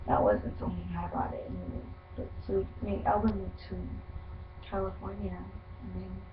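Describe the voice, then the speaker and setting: A woman's voice: fairly low pitch, little pitch movement, normal speed. A teenage girl telling a personal story to the camera in a rambling, slangy way full of fillers. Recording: dull lo-fi recording with faint hum.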